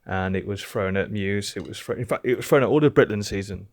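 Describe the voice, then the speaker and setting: A man's voice: fairly low pitch, fairly quick. A young British man chatting casually as a podcast co-host, rambling and swearing now and then. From Britain. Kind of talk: casual chat.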